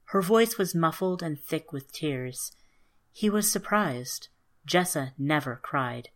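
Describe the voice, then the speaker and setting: A woman calmly narrating a fairy tale in an even storybook manner. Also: deep voice, takes it slowly.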